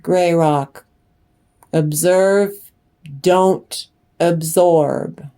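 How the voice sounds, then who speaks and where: A woman's voice: on the low side, steady tone, drawn-out words, mellow. A woman giving a channeled tarot reading in a blunt, emphatic way, with swearing. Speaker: tarot reader.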